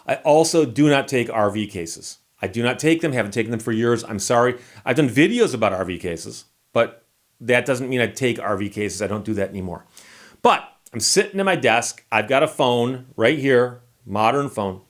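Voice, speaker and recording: A man's voice: medium pitch, lively intonation, moderate pace. A man, a lawyer hosting his own channel, telling a story in a casual, wry and exasperated way.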